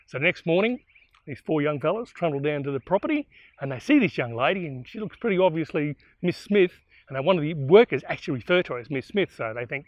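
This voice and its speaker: A man's voice: a little high, quick pace, dry recording, lo-fi sound. Casual male storyteller. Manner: casual, animated retelling with asides. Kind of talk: spoken historical storytelling.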